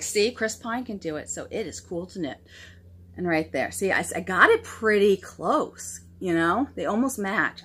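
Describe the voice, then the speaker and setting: A woman's voice: mid-range voice, pushed and bright. A woman hosting a knitting podcast, chatting casually and gushing over her projects with self-deprecating humor. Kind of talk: casual show-and-tell chat.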